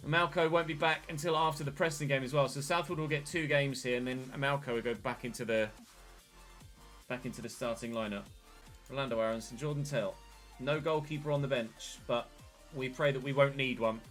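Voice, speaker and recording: A man, casually commentating his football management game and breaking into excited shouts at big moments. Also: mid-range voice, fairly quick, faint music behind. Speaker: gaming channel host.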